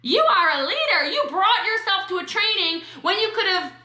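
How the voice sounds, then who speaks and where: Woman, high and bright voice, sassy motivational trainer, echoey room. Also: big pitch swings, a little hiss or hum. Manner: sassy, emphatic, quick asides. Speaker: network marketing trainer.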